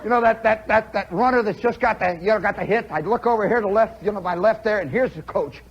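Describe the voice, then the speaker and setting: High-voiced storytelling radio host. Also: male voice, fast talker, a little hiss or hum. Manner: animated storyteller, mimics play-by-play, talks to audience. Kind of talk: live storytelling monologue. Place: live club show before an audience. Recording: dull 1960s radio broadcast recording.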